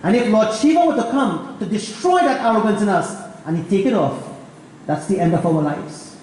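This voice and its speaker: A man with a Trinidadian accent, a pundit preaching a Hindu sermon with jokes, storytelling lively and calling his listeners friends. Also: sits high, a little hiss or hum. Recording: very echoey hall, faint ambience.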